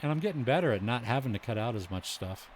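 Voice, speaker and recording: A man's voice: mid-range voice, animated, fast talker. A man streaming a baseball video game, calling the action in a mock broadcaster style and breaking off for chatty, self-deprecating asides. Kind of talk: baseball play-by-play commentary with asides to chat.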